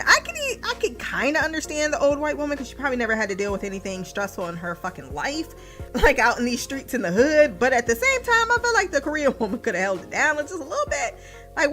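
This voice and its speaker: A woman's voice: high voice, big pitch swings, fast, pushed and bright, soft background music. A young woman recapping a TV episode in casual podcast chat, laughing often, swearing and mimicking the characters.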